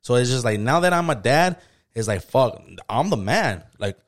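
A man co-hosting a podcast tells stories animatedly at a moderate pace, his voice mid-range. The chat is casual, slangy and full of profanity, with quotes acted out.

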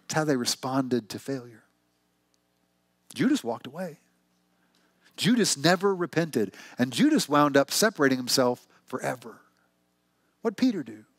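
A man preaching a sermon to his church, telling the story in a conversational, animated way with lots of rhetorical questions. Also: medium pitch, measured pace, long pauses, no echo. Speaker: pastor.

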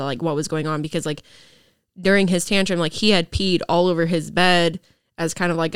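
A woman's voice: fairly low pitch, clear, resonant tone, no echo, studio quality. A young woman, a podcast guest, telling a personal story casually and rambling with lots of filler words. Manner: rambling, heavy use of "like" fillers.

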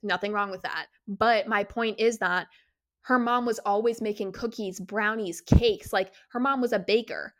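A woman's voice: mid-range voice, moderate pace. Candid young woman telling a story. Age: 20s. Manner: animated and candid, with many fillers and restarts. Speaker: podcast host. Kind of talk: casual personal storytelling.

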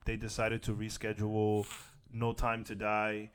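A man co-hosting a casual podcast, bantering in a joking, excitable way. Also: on the low side, a little slow, clear, resonant tone. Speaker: podcast co-host. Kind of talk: casual chat.

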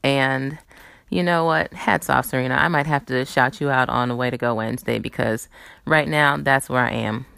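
A woman in her thirties hosting a casual chat show, telling stories in an animated way and acting out quoted voices. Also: very deep voice, normal speed, gravelly, no room sound. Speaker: host. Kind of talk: casual chat and movie previews.

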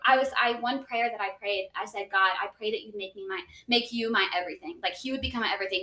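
Earnest young woman, bright and roomy. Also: mid-range voice, recorded from a distance. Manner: earnest storytelling, many "like"s and restarts. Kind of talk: casual faith testimony. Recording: echoey room, voice a bit off-mic.

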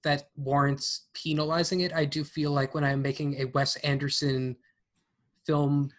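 A man's voice: on the high side, little pitch movement, a little slow. Chatty man hedging his film ranking. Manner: rambling, hedging with fillers and restarts. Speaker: podcast co-host. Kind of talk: casual film-ranking chat.

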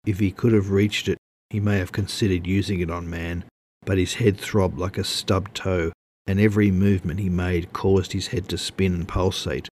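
A man narrating a story in a measured, wry way. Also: sits low, little pitch movement, darkish tone, a little hiss or hum. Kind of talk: audiobook narration.

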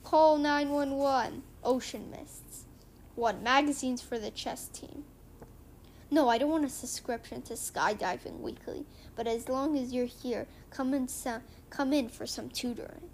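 A woman reading a comic book aloud and retelling its story in a halting way, with many restarts. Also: fairly high pitch, slight background noise. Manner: halting, with frequent restarts and fillers.

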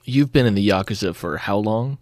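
A man doing a gruff, weary detective. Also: a little fast, no echo, studio quality, lightly acted. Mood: grim. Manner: low, flat, hard-boiled.

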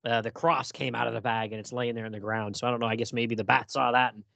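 A man co-hosting a casual film discussion, animated, laughing often and acting out characters' lines. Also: mid-range voice, fast, vocal fry, no room sound. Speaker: podcast co-host.

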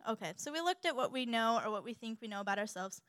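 Animated young woman preaching. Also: on the high side, fast talker, no echo. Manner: animated and humorous, acts out quoted voices. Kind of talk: sermon.

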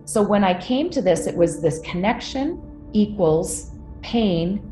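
A woman's voice: mid-range voice, lively intonation, measured pace, mellow, reverberant, soft background music. A middle-aged woman telling a personal story with candid emotion, swearing freely. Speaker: guest.

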